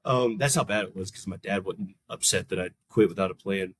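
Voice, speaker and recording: A young man on a podcast, telling a long personal story in a fairly low voice. His talk wanders with restarts, and he acts out the people in the story with jumps up in pitch. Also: a little fast, breathy edge, dry recording. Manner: animated storyteller, acts out quoted people in a raised voice; loose, rambling talk with many restarts. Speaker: podcast guest. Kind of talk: casual storytelling interview.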